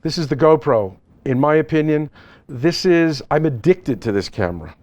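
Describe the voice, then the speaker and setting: A middle-aged or older photographer telling animated, joking stories at a live seminar with slides. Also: male voice, a little high, moderate pace, no room sound. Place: seminar event space.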